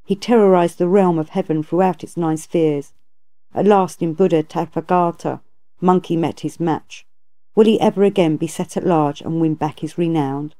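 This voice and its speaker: A woman voicing a calm, compassionate female bodhisattva in a storybook reading, speaking in a measured, gracious way. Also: on the low side, lightly acted. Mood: solemn.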